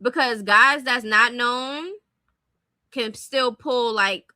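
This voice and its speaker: A young woman with a high, very bright voice, talking casually and bluntly to her audience. She is close on the mic in a dry room with no echo. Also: slow. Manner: blunt, opinionated, speaks directly to viewers. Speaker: commentary streamer. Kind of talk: casual commentary on celebrity gossip.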